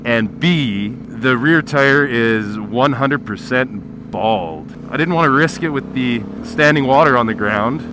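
A man's voice: mid-range voice, expressive, slow pace. A man doing casual, profane, jokey commentary while riding a motorcycle through city streets, recorded on a helmet headset mic. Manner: profane, jokey ranting at traffic. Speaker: motovlogger. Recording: loud road and wind noise.

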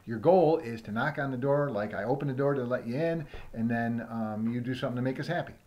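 A man playing the patient, deadpan straight man in a comedy sketch. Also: medium pitch, fairly quick.

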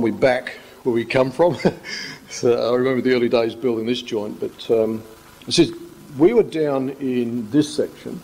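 A man's voice: mid-range voice, darkish tone, breathy edge. A male pastor, giving an informal sermon full of rambling, joking stories. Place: church hall. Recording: echoey church hall.

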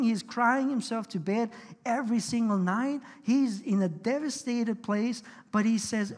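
A man's voice: extremely high pitch, long reverb tail. A pastor delivering a sermon in an earnest, conversational way, often restarting his sentences. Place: church sanctuary.

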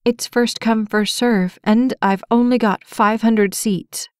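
A woman voicing a frazzled, determined young woman in an audiobook, brisk and flustered. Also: a little high, fairly even intonation, clear, resonant tone, dry recording, clean studio sound, pitched above the performer's own voice. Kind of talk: audiobook character voice.

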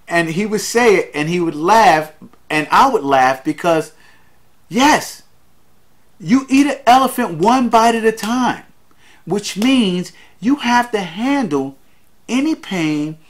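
Man, podcast host, motivational talk, earnest, repeats himself, slightly high voice. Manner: earnest, repeats key lines, addresses listeners as guys. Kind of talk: motivational monologue.

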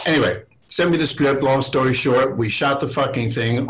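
An actor in his sixties, appearing as a guest on a video call, tells showbiz stories in a casual storytelling interview, swearing freely and acting out other people's lines in raised voices. His medium-pitched voice is a bit bright, moving at normal speed with hardly any pauses. The recording quality is low.

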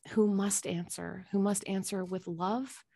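A woman talks earnestly and reflectively as a podcast guest, circling back with halting restarts. Her voice has a gravelly fry. She sounds close and dry. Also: medium pitch, steady tone, mellow, dry recording. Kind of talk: casual conversation.

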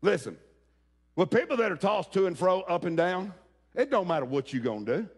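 Creaky high-pitched preacher. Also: male voice, big pitch swings, fairly quick. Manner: folksy, calls out to congregation, rises to shouting. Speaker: pastor. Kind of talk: sermon.

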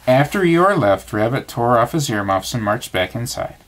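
A father reading a bedtime story aloud, calm and expressive. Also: medium pitch, normal speed, a little hiss or hum.

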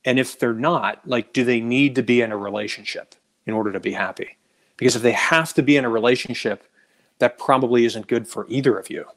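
A man's voice: mid-range voice, a little fast, fairly bright tone. Thoughtful man in a casual chat. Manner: thoughtful, hesitant with restarts. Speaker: guest on a dating advice show. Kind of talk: casual chat, personal anecdotes.

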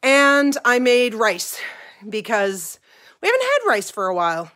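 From her home kitchen, a middle-aged vlogger who runs a ranch rambles to her viewers, a little teary but casual. Her slightly high, somewhat bright voice swings hugely in pitch, and she takes her time.

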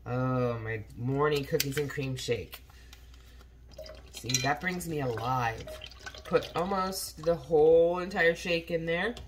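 A woman's voice: very deep voice, poor audio. A tired woman just out of bed, chatting casually in a vlog while hurrying around her home kitchen. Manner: rambling, talks while hurrying about the kitchen. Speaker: cooking vlogger. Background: faint coffee machine hiss.

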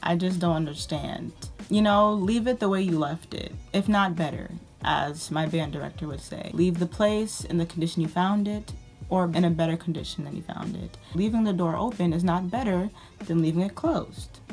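A woman's voice: fairly low pitch, normal speed, darkish tone, faint music behind. A woman vlogger ranting about her pet peeves in a sarcastic, exasperated way. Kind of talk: ranting casual monologue.

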